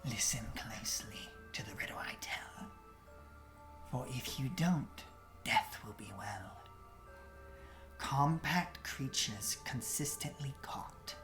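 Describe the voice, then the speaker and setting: A woman voicing a menacing spider spirit woman who speaks in slow, whispery riddles. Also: a bass voice, lively intonation, fairly bright tone, soft background music, full character voice. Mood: whispering. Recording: echoey room.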